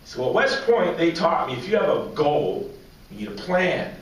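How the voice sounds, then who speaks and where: A man's voice: sits high, fairly quick. Joking man in an echoey hall. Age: 40s. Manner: joking, animated storyteller drawing audience laughs. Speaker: banquet speaker. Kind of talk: humorous personal storytelling speech. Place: large banquet hall with audience. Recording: echoey hall, distant mic, faint noise.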